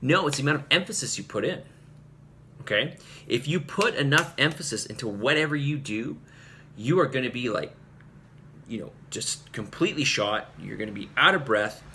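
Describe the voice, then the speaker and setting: A man's voice: medium pitch, animated, moderate pace, pushed and bright, slight background noise. A male fitness coach giving an earnest, rambling talk to his group, full of fillers and restarts. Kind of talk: casual talk to camera.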